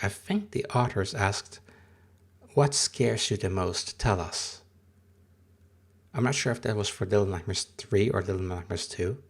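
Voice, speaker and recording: A man in his thirties with a lowish, gravelly, slightly rough voice chats on a livestream, rambling casually as he answers his chat. He is not a native English speaker.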